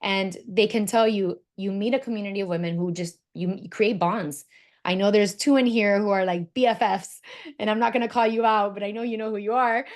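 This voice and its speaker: An encouraging woman leads a self-care workshop. She talks with lively energy and slips into the voices of the people in her stories. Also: mid-range voice, a little fast. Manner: animated, encouraging, storytelling with quoted voices. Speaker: workshop host. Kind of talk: enthusiastic workshop talk.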